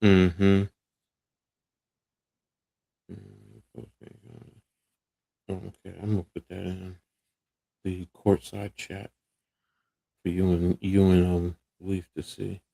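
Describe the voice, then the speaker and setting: Chill low-voiced guy co-hosting, slow talker, lots of mm-hmms while checking the chat. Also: little pitch movement, creaky, mellow. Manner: laid-back, lots of mm-hmms, trailing off while reading. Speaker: co-host reading the live chat. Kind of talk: casual chat on a live sports stream.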